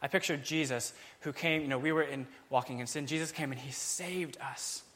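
A man giving a Bible teaching, explaining a psalm in a casual, animated way and acting out its feelings. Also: mid-range voice, normal speed.

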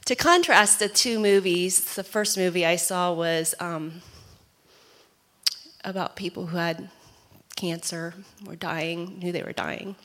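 A woman's voice: fairly low pitch, slow, a bit bright. A woman from the congregation, sharing her thoughts in a chatty, rambling way. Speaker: congregation member.

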